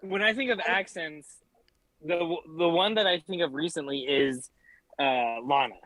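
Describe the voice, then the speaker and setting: A man's voice: fairly high pitch, unhurried, fairly bright tone, no echo, low-quality recording. A man co-hosting a casual podcast chat over a video call, laid-back and swearing freely. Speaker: podcast co-host.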